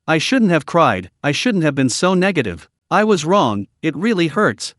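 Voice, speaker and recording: A man's voice: on the high side, big pitch swings, moderate pace, fairly bright tone, no room sound, clean studio sound. A man voicing a small, tearful girl in a storybook recap, whimpering and pleading.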